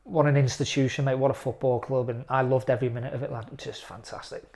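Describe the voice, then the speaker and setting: A man's voice: medium pitch, fast talker, vocal fry. Chatty man telling stories. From England. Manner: chatty, animated storytelling with lively quoted voices. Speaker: former footballer, guest. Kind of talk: casual interview storytelling.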